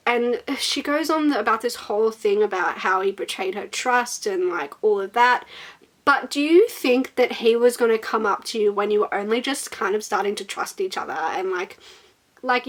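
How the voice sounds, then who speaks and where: A young woman giving a casual, sarcastic book review, exasperated and swearing freely while reading quotes mockingly. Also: medium pitch.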